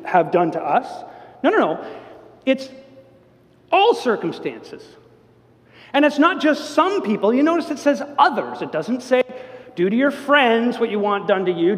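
An older man preaching a sermon in a church, telling stories with lively energy and acting out the quotes. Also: extremely high pitch. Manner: animated storytelling, acts out quotes. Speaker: pastor. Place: church sanctuary. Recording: long church reverb.

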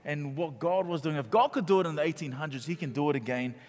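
A male pastor delivers a sermon in a large church auditorium, his fairly high voice trailing off into a long reverb. He calls on the congregation to answer him and lifts his voice on the key points. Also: fast. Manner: call-and-response preaching, grows loud on key points.

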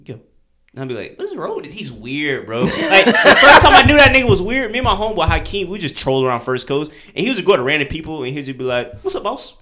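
A man's voice: fairly high pitch, big pitch swings, fast talker, pushed and bright. A young man co-hosting a podcast, telling a story in casual chat and acting out the quotes in shifting voices. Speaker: podcast co-host.

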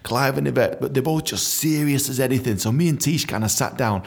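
A man in his young adult years tells a loose, animated story in a casual chat. His voice is gravelly and sits at a middle pitch. He swears freely and keeps dropping "man" into his sentences. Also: fairly quick. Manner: animated, swears a lot, says "man" often. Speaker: podcast storyteller.

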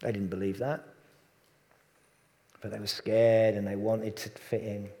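A man preaching a sermon in a conversational way, sometimes dropping to a soft, hushed voice on tender points. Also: on the low side, little pitch movement, unhurried, big-room sound.

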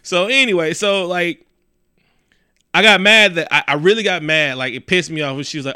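A man co-hosting a casual podcast, telling stories in a profane, animated way and acting out the people he quotes. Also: high-pitched, a little fast, smooth, no echo, clean studio sound. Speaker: podcast co-host. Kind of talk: casual chat.

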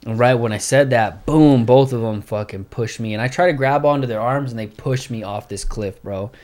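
A man's voice: mid-range voice, moderate pace, darkish tone. Profane man telling a story. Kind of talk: casual storytelling.

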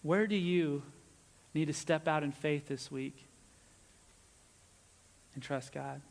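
A pastor preaching a sermon with earnest emphasis, dropping low and soft on his key points. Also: slow pace, vocal fry. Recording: long reverb of a church hall.

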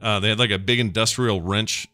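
A man's voice: lowish voice, fairly even intonation, a little fast, pushed and bright, no room sound. A man co-hosting a podcast in casual chat, telling rambling stories and now and then putting on silly voices. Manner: rambling storyteller, puts on silly caller voices. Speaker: podcast co-host.

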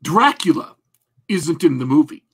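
Husky guy with a slightly high voice, rambly jokey podcast chat. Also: lively intonation, unhurried, fairly bright tone. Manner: rambling, joking, many restarts. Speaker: podcast co-host. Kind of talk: casual chat.

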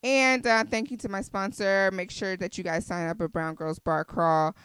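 A woman's voice: medium pitch, fairly even intonation, normal speed, a bit bright, clear, resonant tone, dry recording. A woman hosting her own podcast, chatting casually and expressively with plenty of fillers into a close studio mic. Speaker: podcast host. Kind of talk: casual solo podcast chat.

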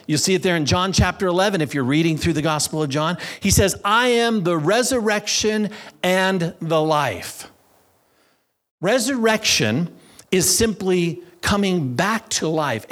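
Male preacher, middle-aged, slightly high-pitched; emphatic sermon delivery, drawing out key phrases. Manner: emphatic, slows down to stress scripture phrases.

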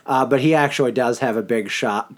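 A man's voice: mid-range voice, fairly quick. Rambling young man talking hockey. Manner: rambling, animated, laughs often. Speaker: podcast co-host. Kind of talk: casual hockey chat.

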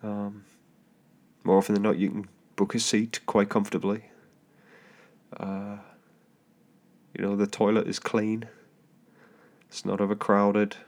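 Speaking on a home mic over a soft guitar bed, this English podcaster has a fairly low, flat voice and an unhurried pace broken by long pauses. Alone on his show, he tells a loose, casual travel tale peppered with fillers, false starts and little laughing asides.

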